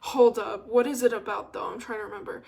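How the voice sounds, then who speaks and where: A young woman in her twenties chats through a casual solo podcast rant. Her voice sits a little high, and she rambles in a self-deprecating way, laughing often and trailing off mid-thought. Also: steady tone, fast talker, gravelly, darkish tone. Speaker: podcast host.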